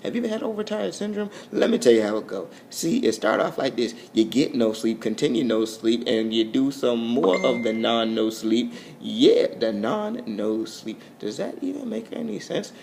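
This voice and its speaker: A young man rambles through an overtired late-night vlog, his voice gravelly with fry. He talks goofily and lets his pitch swoop up and down. A faint low rumble sits under the home phone recording. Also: moderate pace, hardly any pauses, a little mellow. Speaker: vlogger.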